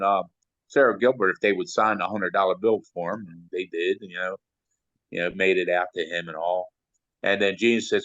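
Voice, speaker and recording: A man's voice: fairly low pitch, no echo, muffled recording. An older man from Maryland, an interview guest telling long rambling stories packed with "you know" fillers. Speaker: interview guest, sound engineer. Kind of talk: casual storytelling.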